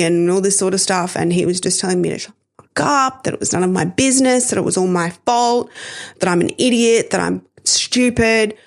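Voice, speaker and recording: A woman, hosting a podcast and candidly telling a painful personal story, emotional and swearing at times. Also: medium pitch. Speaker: podcast host sharing her story.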